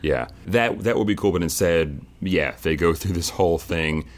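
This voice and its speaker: A man co-hosting a podcast, talking things over in a measured, reflective way with some restarts. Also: low voice. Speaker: podcast co-host. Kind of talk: casual chat.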